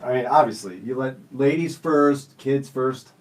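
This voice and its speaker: A man's voice: mid-range voice, unhurried, distant mic, low-quality recording. Jokey male radio host, a bit off-mic. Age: 40s. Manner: jokey, self-teasing storyteller. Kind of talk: casual studio chat. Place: radio studio.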